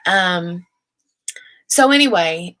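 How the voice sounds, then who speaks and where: Chatty woman host with a lowish voice. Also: animated, drawn-out words, a bit bright, rough recording. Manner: rambling, chatty, stops and restarts mid-thought. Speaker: crafting channel host. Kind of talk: casual live-stream chat. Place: at home, seated in her chair. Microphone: desk microphone.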